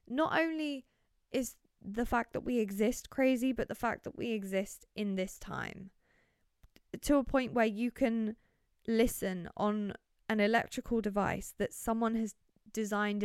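A woman's voice: mid-range voice, measured pace, smooth, dry recording, clean studio sound. A young woman hosting a solo podcast, rambling in a chatty, giggly way full of wonder, recorded on her bed in her bedroom. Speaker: podcast host.

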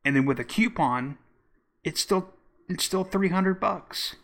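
A man from Oklahoma hosting a podcast, commenting casually in a loose, halting way with repeated words. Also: high voice, lively intonation, fairly bright tone. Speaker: podcast host.

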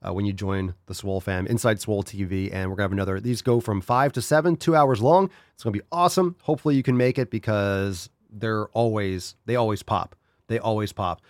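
A man's voice: lowish voice, brisk, no room sound, clean studio sound. A man hosting a podcast in casual, exasperated commentary. He swears freely and talks straight to his audience. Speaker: podcast host.

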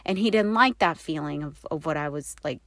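A woman with a lowish voice talks straight to the camera and tells a personal story. She rambles and corrects herself, with plenty of fillers and frequent laughs. The sound is dry and close, with no room echo. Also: fairly quick. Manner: rambling and confessional, with many fillers and self-corrections; breaks into laughter often. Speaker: wife sharing a personal story.

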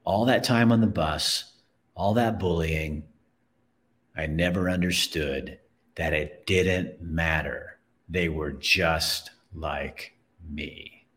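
A middle-aged man hosts his own show and tells a personal story in a slow, unhurried way. His voice is low and deep, earnest and emotional, and he often repeats himself as he goes. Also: fairly bright tone. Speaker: show host.

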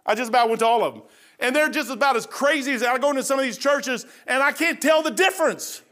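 A man's voice: extremely high pitch, fast talker, bright, forceful tone. A man preaching a folksy sermon, rambling through stories and laughing at his own jokes.

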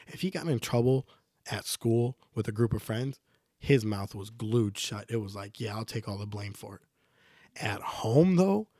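Relaxed young man telling stories, dry sound. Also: mid-range voice, dry recording. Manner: loose and rambling, many fillers. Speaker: storyteller. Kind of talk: casual personal storytelling.

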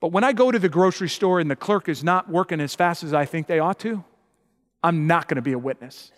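A man preaching a sermon as pastor, emphatic and building to loud, passionate peaks. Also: on the high side, brisk, big-room sound.

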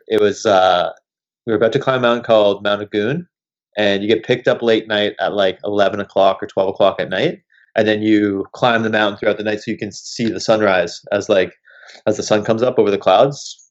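As a podcast guest, a young man with a lowish voice tells animated anecdotes in a brisk, loose, conversational way, swearing freely. The recording is dull and lo-fi, with the top end muffled.

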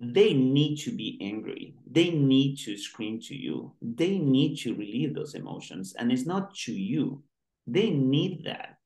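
A man's voice: mid-range voice, very animated, unhurried, a little mellow. A male doctor being interviewed, who talks in an earnest, rambling way with many restarts. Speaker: guest doctor. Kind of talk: interview conversation. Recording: roomy echo.

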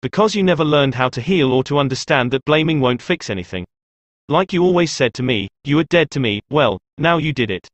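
A man's voice: medium pitch, lively intonation, brisk, no echo, natural voice. A man playing a traumatized adult man who confronts his abusive mother with intense emotion. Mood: defiant.

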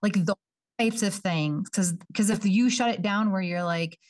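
A woman working in early childhood education, chatting casually on a podcast and acting out parents and kids in quick quoted voices. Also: mid-range voice, darkish tone, distant mic. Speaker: early childhood coordinator, guest.

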